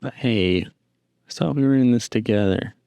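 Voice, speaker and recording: In a casual solo podcast chat, a man with a medium-pitched, gravelly, mellow voice speaks at a measured pace. The tone is clean and the recording dry as he rambles dryly and addresses his pet.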